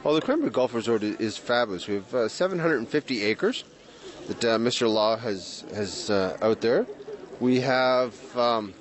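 A man's voice: medium pitch, expressive, normal speed. A man, an executive chef, chatting cheerfully with many fillers during a cooking demo outdoors. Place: outdoor community event.

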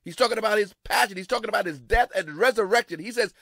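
A man pastor preaching a sermon dramatically, repeating his phrases and swinging from hushed to loud. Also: sits high, quick pace, creaky, few pauses, no echo.

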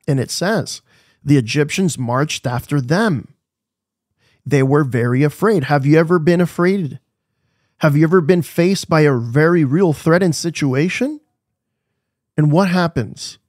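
A man's voice: on the high side, a little slow, darkish tone, no echo, clean studio sound. A man preaching a devotional sermon, asking the listeners questions and repeating his key phrases with emphasis.

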